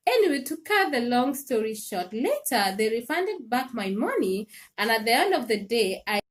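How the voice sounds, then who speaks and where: A woman hosting a casual livestream, telling an animated story with laughs and repeated phrases. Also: fairly high pitch, normal speed. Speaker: live stream host. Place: home in Sweden.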